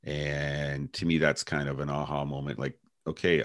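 A man's voice: a bass voice, level tone, normal speed, fairly bright tone, dry recording, studio quality. A man co-hosting a podcast, reflective and telling personal anecdotes in casual conversation. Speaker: podcast co-host.

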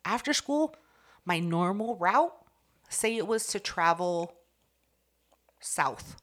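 A young adult woman casually telling a profane, animated story and acting out the people in it. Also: on the low side, takes it slowly. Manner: profane, animated, acts out the voices in her story. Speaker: co-host.

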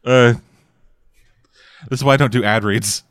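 A man's voice: mid-range voice, steady tone, measured pace, dry recording. Male podcast co-host, rambling and foul-mouthed, laughs a lot. Dry, close sound. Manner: rambling, profane, laughs often. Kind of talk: casual chat.

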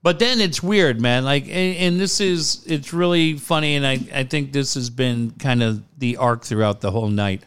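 A man's voice: medium pitch, normal speed, few pauses, fairly bright tone, smooth. A middle-aged man with a rambling, easygoing way of talking, chatting as a guest. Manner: rambling, laughs easily. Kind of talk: casual chat.

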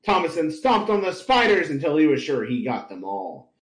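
A man's voice: a little high, big pitch swings, normal speed. Man narrating with a laugh, echoey hall. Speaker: podcast host. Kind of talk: comic live reading of fan fiction. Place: convention panel room.

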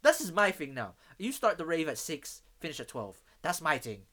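A man's voice: on the high side, moderate pace. A man telling stories in casual chat, full of slang and swearing. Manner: animated storyteller, heavy street slang and swearing.

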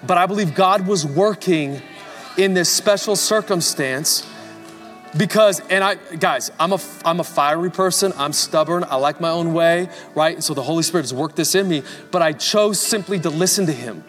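A man with a fairly high voice preaches before a congregation, telling stories and pressing his points with rising fervor. His voice rings through a large church hall with long reverb, and soft music plays faintly beneath. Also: moderate pace. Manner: storytelling, rising to fervent emphasis. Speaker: pastor. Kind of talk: sermon.

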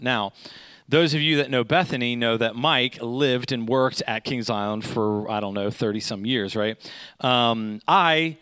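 A man's voice: medium pitch, a bit bright, no echo. A middle-aged man telling a humorous personal story to an audience, often checking in with "okay?" and "right?".

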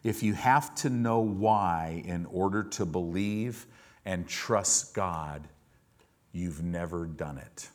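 A male pastor with a low voice preaches slowly, telling stories and acting out the voices of people he quotes while the congregation calls back during the church service.

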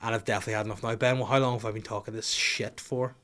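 A man's voice: fairly low pitch, steady tone, rapid-fire, a bit bright. A man hosting a casual podcast, answering listener questions in a rambling, profane, jokey way. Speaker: podcast host.

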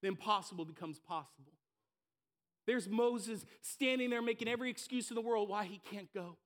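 Man pastor, very high pitch, fervent live sermon in church, big swings from loud to soft. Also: moderate pace. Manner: impassioned, swinging between loud emphasis and hushed asides. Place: church stage before a congregation.

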